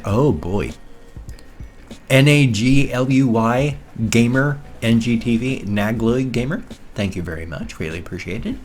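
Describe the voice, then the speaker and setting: A man in his fifties with an American accent, chatting casually in a vlog, playful with deadpan jokes. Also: fairly low pitch. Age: 50s. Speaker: vlogger. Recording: faint music behind.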